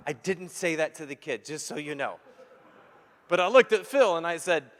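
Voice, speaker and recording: Animated storytelling pastor in a reverberant hall. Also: male voice, a little high, moderate pace. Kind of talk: sermon with storytelling.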